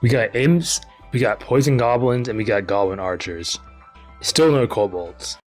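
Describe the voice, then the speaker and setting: A man's voice: medium pitch, a little slow, faint music behind. A young man casually commenting on his game as he plays, laid-back and slangy. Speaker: gaming channel host.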